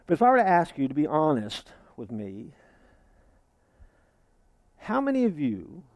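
Male pastor, sermon, animated swooping delivery, dry sound. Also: a little high, a little slow, no room sound. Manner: lively preaching, acts out imagined congregants.

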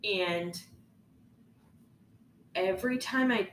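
A woman's voice: mid-range voice, very slow. A young woman co-hosting a podcast, telling a story in a casual, chatty way with lots of "like". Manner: chatty, lots of "like", animated retelling. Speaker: podcast co-host. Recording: echoey room, faint noise.

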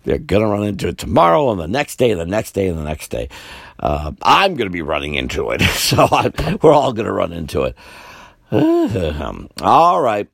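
A gravelly older man talks through a solo podcast, his pitch leaping up and dropping low as he rambles and repeats himself. His voice sounds tired and worn, and the recording is dry and close. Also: huge pitch swings, moderate pace, no room sound. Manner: rambling, repeats himself, sighs and laughs wearily. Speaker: podcast host. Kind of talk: solo political commentary.

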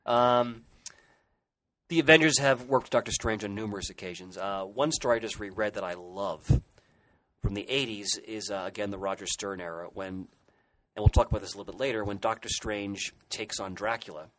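With a fairly low, slightly bright voice and a fairly quick pace, this man co-hosts a casual podcast on comic book history. He's eager but keeps stumbling into restarts and fillers, and the recording is rough.

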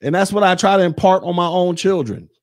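A man's voice: high-pitched, animated, fairly quick. A man in his forties hosting a podcast, ranting bluntly with mocking, profane talk. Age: 40s. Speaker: podcast host. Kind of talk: casual rant.

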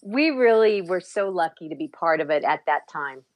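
A woman's voice: fairly low pitch, animated, moderate pace. A woman who once worked as a studio tour guide, reminiscing in a casual, affirming way. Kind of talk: casual chat.

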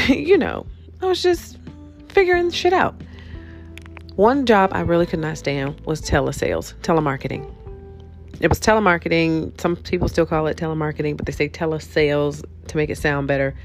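A woman's voice: sits low, lively intonation, moderate pace, long pauses, faint music behind. A woman hosting a podcast, telling a profane comic rant about bad jobs, laughing often as she talks. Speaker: podcast host. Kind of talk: comedic storytelling rant.

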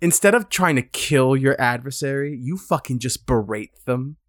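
An animated gamer co-host, voice swinging up and down in a loose, laughing chat while playing. The sound is dry and close to the mic. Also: medium pitch, normal speed, no echo. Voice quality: animated, chatty, laughs often. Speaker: let's play co-host. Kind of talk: casual gameplay chat.

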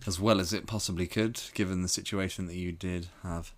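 A man's voice: deep voice, fairly even intonation, a little fast. A man co-hosting a podcast in casual chat, making dry teasing jokes and asides. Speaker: podcast co-host.

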